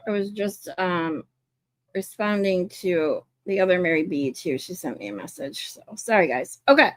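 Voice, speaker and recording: A woman's voice: on the low side, lively intonation, moderate pace, dry recording. A woman hosting a casual livestream, chatting with viewers, swearing casually and laughing often. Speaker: livestream host. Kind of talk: casual livestream chat, reading chat.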